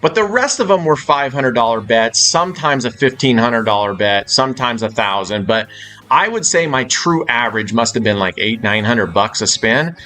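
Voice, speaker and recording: A man's voice: medium pitch, expressive, normal speed, bright, forceful tone, soft background music. A man chatting loosely on a live stream from a hotel suite, swearing freely as he rambles. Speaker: casino live-stream host.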